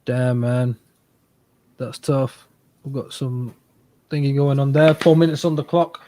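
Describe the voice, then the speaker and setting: A man's voice: mid-range voice, fairly even intonation, a little slow, mellow, no echo. A man co-hosting a casual podcast, rambling and repeating himself as he talks. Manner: rambling, repeats words, laughs. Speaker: podcast co-host. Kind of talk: casual advice podcast chat. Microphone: podcast microphone.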